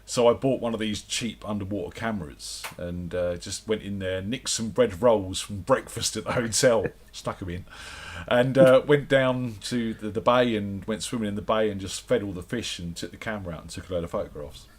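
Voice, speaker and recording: Chatty man, lowish voice. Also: moderate pace. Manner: chatty, rambling storyteller. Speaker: guest musician. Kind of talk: casual radio chat.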